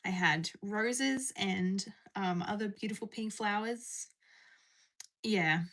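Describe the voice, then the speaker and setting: Her voice is medium-pitched, fairly bright and slow as she hangs out on a live stream in her home. Cheerful and chatty, she reads viewer messages aloud and replies to them.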